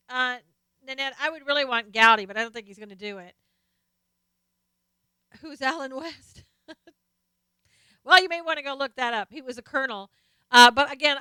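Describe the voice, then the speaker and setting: A live stream host reads her chat out loud and responds, chatting casually about politics. Her voice is on the high side with a sharp, clean tone, recorded dry.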